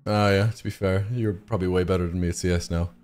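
A man's voice: low-pitched, little pitch movement, fast talker, darkish tone, faint music behind. A man streaming a game, bantering and swearing in casual chat with a friend.

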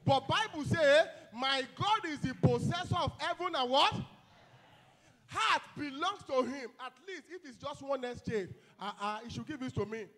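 A young man with a Nigerian accent preaches with fire, breaking into shouts and throwing "hello?" out to the congregation. His voice sits very high and rings bright and sharp. His pitch leaps and falls constantly as he drives the sermon along. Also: expressive, moderate pace. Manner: fiery call-and-response preaching, shouting and asking "hello?". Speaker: pastor.

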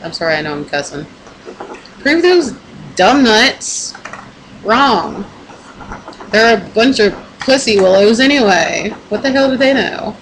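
Her mid-range voice swings widely in pitch, unhurried and broken by frequent pauses. She's a young woman vlogging at home, rambling through a casual, emphatic pep talk to the camera with plenty of swearing, recorded amid noise.

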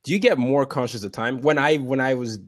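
A man in his twenties hosts a podcast, asking earnest, reflective questions. His voice has a mid pitch, and the recording sounds dry and close. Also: a little fast, no room sound. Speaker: podcast host. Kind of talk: casual conversational interview.

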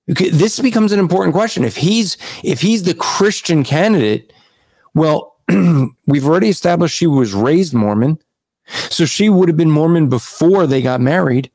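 A man hosting a casual online discussion over a video call, talking at length, restarting sentences and clearing his throat. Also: on the high side, lively intonation, moderate pace, darkish tone, dry recording. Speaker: podcast host.

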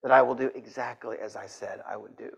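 A man playing God as a calm, firm voice that rebukes doubt, inside a sermon. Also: medium pitch, fast talker, creaky, husky, pitched below the performer's own voice, low-quality recording.

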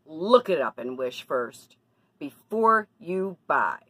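A woman's voice: low voice, big pitch swings, takes it slowly, fairly bright tone, husky, no echo, poor audio. A woman talking casually to her camera in a personal vlog, confiding and then indignant about bad deals. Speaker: vlogger.

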